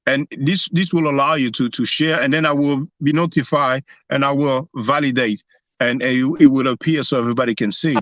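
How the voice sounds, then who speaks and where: A man's voice: mid-range voice, steady tone, fairly quick, a bit bright, no echo, muffled recording. A man hosting a live stream, explaining at length on his phone, hesitating often and repeating words. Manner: hesitant, many restarts and fillers. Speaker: host.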